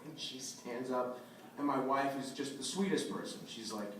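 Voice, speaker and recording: A man in his thirties, a voice actor at a convention panel, telling a story in an animated way and acting out the quotes. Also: mid-range voice, normal speed, slight background noise. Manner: animated anecdotal, acts out quotes. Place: large convention hall. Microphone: phone camera from the audience. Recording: echoey hall from far off, phone audio.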